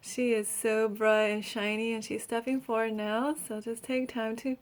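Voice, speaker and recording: Soft-spoken woman leading a guided healing. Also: a little high, little pitch movement, moderate pace. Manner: soft, breathy and giggly, often trailing off. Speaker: energy healer.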